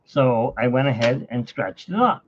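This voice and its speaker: A middle-aged man with hiccups chatting casually at home while drawing, rambling and animated, his pitch jumping up when he gets excited. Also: moderate pace, a little hiss or hum. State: has hiccups. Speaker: artist and channel host. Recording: dull lo-fi home recording.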